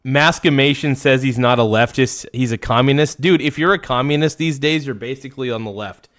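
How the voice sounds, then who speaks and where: Excitable, foul-mouthed male livestream host. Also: medium pitch, brisk. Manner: excitable, swears often, reads out viewers' names to thank them. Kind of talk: casual livestream chat.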